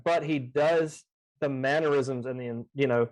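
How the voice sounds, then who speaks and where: A man in casual chat about running tabletop games, talking in an animated, rambling way with plenty of swearing, on a video call. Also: medium pitch, measured pace, low-quality recording. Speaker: game master. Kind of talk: casual chat between game masters.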